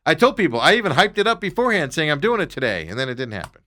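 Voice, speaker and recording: A man hosting a talk show, telling stories in a casual, animated way and ranting with exasperation. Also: fairly high pitch, rapid-fire. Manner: animated storytelling, exasperated rants. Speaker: radio show host. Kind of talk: casual chat.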